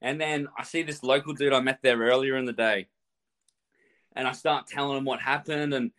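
A man casually telling a wild travel story, animated and swearing a lot, laughing as he goes. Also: mid-range voice, moderate pace.

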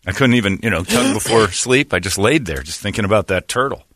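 A man's voice: fast talker, no echo. A middle-aged man hosting a talk radio show, ranting with profanity and laughing at his own lines. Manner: animated, profane rants with swings in pitch and laughter. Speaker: radio host. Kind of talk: casual talk radio banter.

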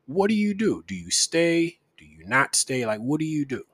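A man's voice: a little high, big pitch swings, normal speed, fairly bright tone, slightly rough, no echo. A man co-hosting a casual talk, laying out a long-winded question and insisting on finishing. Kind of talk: casual chat.

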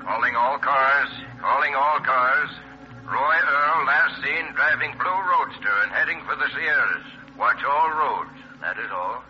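A man as a flat formal police dispatcher. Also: mid-range voice, measured pace, highs cut off, faint music behind, lightly acted. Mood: official. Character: male police radio dispatcher. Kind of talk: 1940s radio acting.

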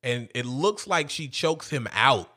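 A man with a mid-pitched voice that swings widely up and down as he talks. He co-hosts a podcast, recapping a film in a loose, joking way, swearing freely and laughing along. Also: animated, a little slow, bright, forceful tone. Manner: joking, profane, laughs a lot. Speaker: podcast co-host. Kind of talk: casual movie recap chat.

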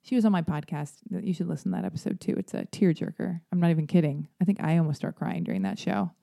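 Rambling, mellow-voiced woman podcast host. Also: fast, creaky. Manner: rambling, self-deprecating storyteller; jumps into high, animated voices when quoting people. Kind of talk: casual solo podcast monologue.

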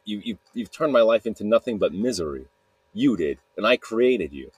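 Man doing a fed-up scientist, low husky voice, dry sound, totally over it. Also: expressive, moderate pace, no room sound. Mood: scornful. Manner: exasperated, dismissive. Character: fed-up male scientist, bitter and scornful.

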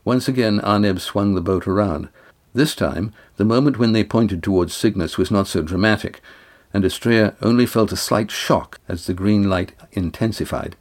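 Low-voiced male audiobook narrator. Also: moderate pace.

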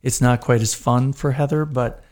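A man's voice: mid-range voice, fairly even intonation, moderate pace, darkish tone. A man doctor co-hosting a podcast in casual chat, cracking jokes and cutting in on his partner. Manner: jokey, interrupting, wisecracking.

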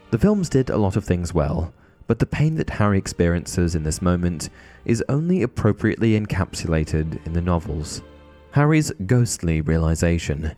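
A man narrating passages from a book and commenting on them in a steady storytelling voice. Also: low voice. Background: faint background music.

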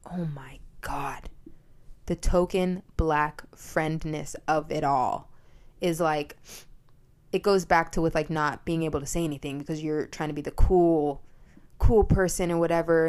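A woman in her twenties hosting a podcast, talking in a blunt, profane and animated casual monologue. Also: deep voice, clear, resonant tone. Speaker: podcast host.

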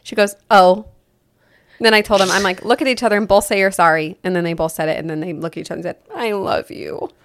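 A woman's voice: fairly low pitch, steady tone, rapid-fire, few pauses, fairly bright tone, a little hiss or hum. A young woman and mother co-hosting a podcast in casual chat, telling stories animatedly with many filler "likes". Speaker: podcast co-host.

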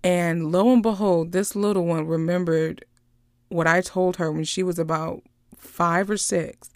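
A woman casually recapping a movie, chatty and animated, drifting into personal stories. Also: on the low side, no echo, clean studio sound. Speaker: vlogger reviewing a movie.

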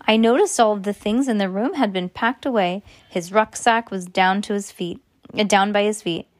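A woman reading a first-person children's story aloud in a steady, earnest way. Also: medium pitch, moderate pace, dry recording. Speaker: audiobook narrator.

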